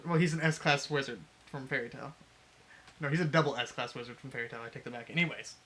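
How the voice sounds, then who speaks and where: A man's voice: mid-range voice, fast, bright, forceful tone, slight background noise. A man casually retelling a fanfic plot on a podcast, laughing and swearing as he acts out the lines. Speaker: podcast co-host.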